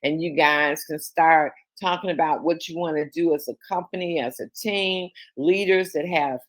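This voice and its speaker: A woman's voice: sits low, fairly even intonation, moderate pace. Encouraging woman leading a team call. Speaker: team leader hosting a company call. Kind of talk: motivational online team meeting. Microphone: video call.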